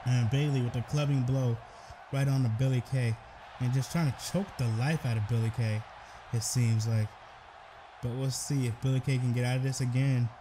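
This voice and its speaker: A young man giving excitable play-by-play commentary over a wrestling video game, breaking into shouted exclamations. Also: medium pitch, noisy background.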